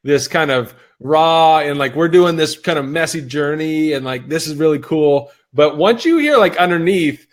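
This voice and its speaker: Male interview host, enthusiastic, filler-heavy, a bit high-pitched. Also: expressive, normal speed, hardly any pauses. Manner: enthusiastic, affirming, many "like"s. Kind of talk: live video interview.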